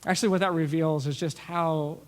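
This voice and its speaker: A middle-aged man preaching a sermon as pastor, telling stories with lively asides and acting out what people said. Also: a little high, brisk. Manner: storytelling, animated with asides and acted-out quotes. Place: church sanctuary. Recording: long reverb of a large hall.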